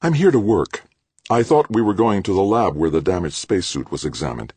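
A man's voice: low-pitched, very animated, fairly quick, darkish tone, husky, no room sound, voice pushed up, full character voice. A man voicing a serious, businesslike woman scientist in an audiobook, curt and focused. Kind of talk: audiobook character voice.

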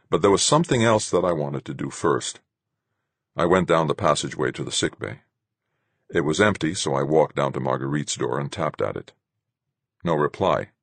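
A man narrating a first-person story in a measured, even storytelling voice. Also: extremely low pitch, breathy edge, no echo. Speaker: audiobook narrator.

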